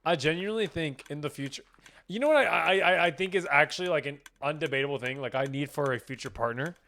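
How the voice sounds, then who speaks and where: A man's voice: a little high, fast, bright, forceful tone. A young man streaming a game, chatting casually and reading chat aloud, rambling and swearing, with keyboard typing behind him.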